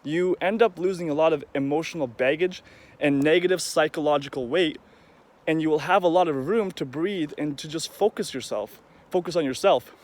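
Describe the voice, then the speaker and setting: Rambling man vlogging outdoors, raised pitch. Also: normal speed. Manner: rambling, conversational, acts out quoted voices. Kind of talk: casual monologue to camera.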